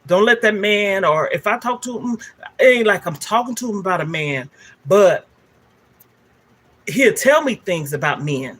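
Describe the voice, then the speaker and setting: A woman's voice: mid-range voice, lively intonation, a little slow, pauses often. Candid grandmother sharing a personal story. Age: older. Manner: candid, emotional, talks directly to viewers. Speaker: livestream host.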